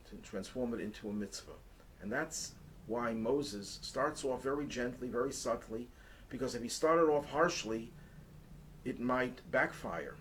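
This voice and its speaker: Guy giving a torah lesson, earnest, mid-pitched, pushes harder on the big points. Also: a little hiss or hum, poor audio. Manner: earnest, builds intensity when stressing points. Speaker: rabbi teaching the weekly Torah portion.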